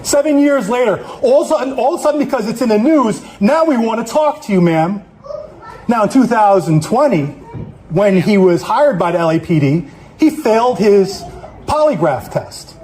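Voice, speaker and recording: An angry man with a high voice delivers a fierce public comment, accusing and cursing. He speaks with sharp, relentless indignation, with a faint hum of the surrounding room behind him. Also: expressive, moderate pace. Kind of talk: impassioned public comment speech.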